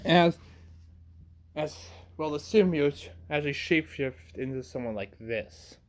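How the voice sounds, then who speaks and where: A man's voice: a little high, a little slow. A young man improvising a fan story, rambling with many fillers.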